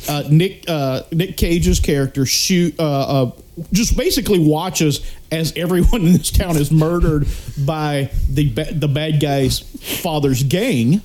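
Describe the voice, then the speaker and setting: A man retelling film scenes in casual chat, halting and restarting often. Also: a little high, darkish tone, slight background noise. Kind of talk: casual movie review chat.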